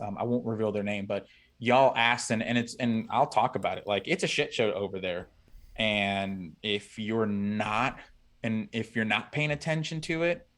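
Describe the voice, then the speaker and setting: A man talking as a podcast guest in a casual, halting way with many fillers. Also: on the low side. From Cuban family. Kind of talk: casual chat.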